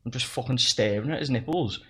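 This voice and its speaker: A young man tells stories in a loose, casual chat. His voice sits at a middling pitch. He swears freely and laughs along at his own tales. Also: a little fast, fairly bright tone, breathy edge. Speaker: podcast guest.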